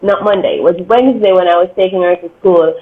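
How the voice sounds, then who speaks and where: A woman's voice: on the low side, fast. A woman hosting an interview, an encouraging listener who often answers with short affirmations. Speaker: host. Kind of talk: casual interview chat. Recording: tinny phone-like line with faint noise.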